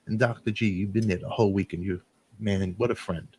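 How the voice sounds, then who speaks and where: A man hosting a talk show, telling an emotional story in a rambling, animated way with sudden jumps in pitch. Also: brisk, slightly rough. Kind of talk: emotional casual monologue.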